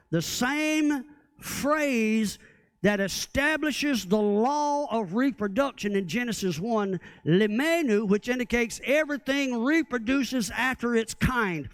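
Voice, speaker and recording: A man's voice: high voice, no echo. A man preaching a sermon as pastor, often asking the congregation rhetorical questions.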